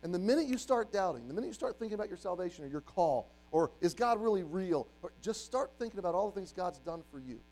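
Animated man preaching, high voice. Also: fast talker, hardly any pauses, soft background music, rough recording. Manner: animated, acts out quoted voices, swings between loud and hushed. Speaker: youth pastor. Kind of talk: sermon.

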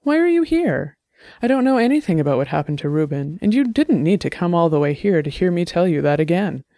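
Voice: medium pitch, sing-song, fairly quick, dark tone, dry recording, studio quality. A reader voicing an anxious middle-aged office worker whose voice shakes with nerves. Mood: nervous. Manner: anxious, shaky. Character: nervous, sweating middle-aged office man.

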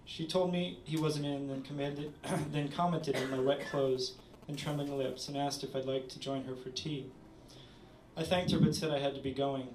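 A man reading his own short story aloud at a literary event, measured with small stumbles. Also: mid-range voice, flat delivery, darkish tone, a little hiss or hum. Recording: roomy, distant audience recording.

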